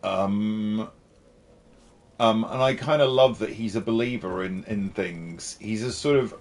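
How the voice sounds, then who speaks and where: A man's voice: fairly low pitch, measured pace. A man streaming a game, chatting casually in a playful, jokey, rambling way. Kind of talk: casual gameplay chat.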